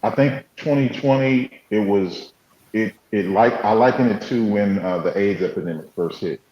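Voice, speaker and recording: Male radio guest, lowish, reflective and halting, dull echoey room sound. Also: a little mellow. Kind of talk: casual group chat on radio.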